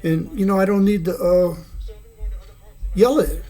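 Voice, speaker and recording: A man's voice: sits high, a little slow, warm tone. A man in his sixties rambling through a loose, free-associating monologue at home, often chuckling between thoughts. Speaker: video blogger. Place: his home, living room.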